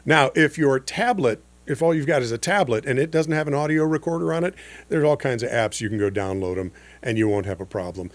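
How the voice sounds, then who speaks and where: An older man in his sixties hosts a podcast lesson on voice-over work. He talks in a relaxed, conversational way and scatters in fillers as he coaches. His voice sits at an ordinary middle pitch. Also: a little fast. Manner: easygoing, chatty teaching with frequent fillers.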